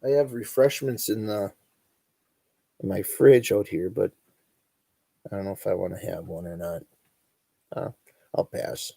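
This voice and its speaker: A middle-aged man with an Upper Midwest accent, hosting a relaxed, rambling chat and chuckling as he goes. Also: on the low side, unhurried, vocal fry, pauses often, slightly rough, no room sound. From northern Wisconsin. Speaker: host. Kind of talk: casual chat reading live comments.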